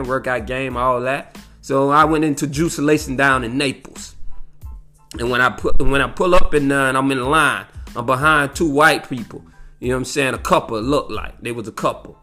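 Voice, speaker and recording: A man's voice: a little high, sharp tone. A man telling a rambling, profane story in casual chat, saying "you know what I'm saying" again and again. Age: adult, grew up in the nineties.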